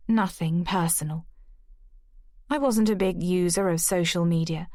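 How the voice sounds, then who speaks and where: A woman narrating a first-person audiobook in a measured, even storytelling delivery. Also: medium pitch, no echo, studio quality.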